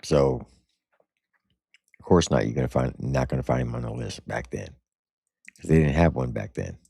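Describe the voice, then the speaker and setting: Very deep gravelly blunt man. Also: normal speed, dark tone, dry recording, studio quality. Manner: blunt, mocking and argumentative. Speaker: reaction video host. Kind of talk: casual commentary.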